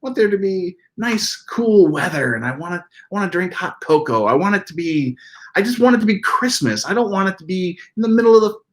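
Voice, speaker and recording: A man's voice: sits high, lively intonation, a little fast. Rambling, self-deprecating male streamer. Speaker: livestream co-host. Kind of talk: casual chat.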